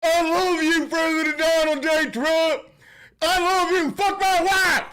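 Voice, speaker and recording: A man's voice: very high voice, fairly even intonation, unhurried, bright, forceful tone, pitched above the performer's own voice, full character voice. A man voicing a frenzied male fan who screams and sobs his adoration. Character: shrieking adoring male political fan, frenzied.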